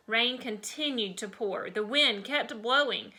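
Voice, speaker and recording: A first-grade teacher reads a chapter book aloud to her class with slow, expressive storytelling. Her voice sits on the high side and sounds bright and forceful. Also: poor audio. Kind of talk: reading a storybook aloud to children.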